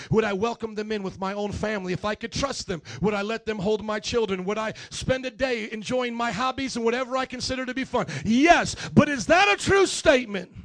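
A male preacher delivering a fervent sermon, calling on the congregation to repeat after him and swinging between shouts and hushed lines. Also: sits high.

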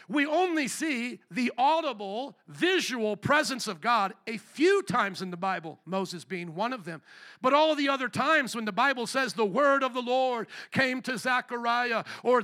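Bright-voiced, gravelly preaching man. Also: extremely high pitch. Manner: energetic preaching, questions and call-and-response with the congregation. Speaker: pastor. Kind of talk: live sermon. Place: church sanctuary.

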